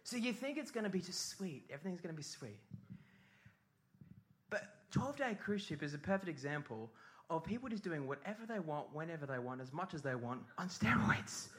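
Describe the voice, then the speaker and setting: A man's voice: a little high, big pitch swings, fairly quick, fairly bright tone. A middle-aged man preaching a sermon as pastor, telling a comic story with sung mimicry and put-on voices.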